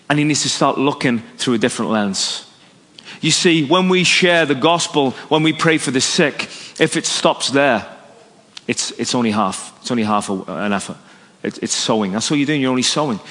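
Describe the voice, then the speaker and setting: Fervent preacher in a long-reverb hall. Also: male voice, lively intonation, moderate pace. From Northern Ireland. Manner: dynamic preaching, drops low and soft for emphasis, rises for acted quotes. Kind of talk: sermon. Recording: echoey hall recording.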